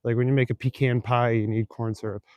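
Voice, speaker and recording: Walking city back streets at night, a young man from Northern Ontario, Canada, talks casually to his live stream viewers. His mid-range voice moves fast, with no room sound. He stays relaxed, drops casual swears, and reads and answers chat.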